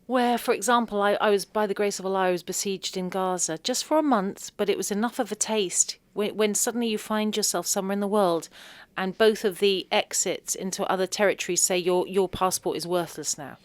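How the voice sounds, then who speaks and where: A woman's voice: medium pitch, fairly even intonation, fairly quick, no room sound. A woman on a podcast telling a personal story in an earnest, moved way, with religious phrases woven into her speech. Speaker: podcast guest.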